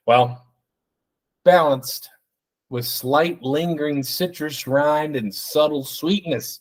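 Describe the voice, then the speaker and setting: A man's voice: on the high side, lively intonation, slow pace. A man hosting a solo podcast, rambling and joking with plenty of swearing, a bit tipsy from the beers. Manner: rambling, profane, jokey. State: tipsy from drinking beer. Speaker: podcast host. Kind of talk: solo casual podcast rant.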